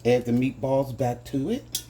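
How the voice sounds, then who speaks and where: A man walks viewers through a recipe at an unhurried, easygoing pace, his voice warm and mellow. He talks in a chatty way, keeps calling his audience "guys" and lets out pleased hums as he tastes. Faint kitchen noise sits low in the background. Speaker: home cooking channel host. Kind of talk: casual cooking demonstration.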